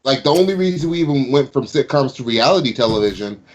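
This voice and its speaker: A man's voice: mid-range voice, animated, fast talker. A man who runs a gaming channel, talking on a casual podcast, opinionated and given to casual swearing. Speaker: YouTube gaming channel host.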